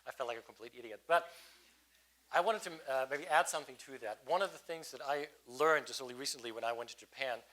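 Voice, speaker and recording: A man from Germany talks quickly in a bright voice. He tells his anecdote with a self-deprecating edge. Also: mid-range voice. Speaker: panelist. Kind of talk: casual storytelling on a panel.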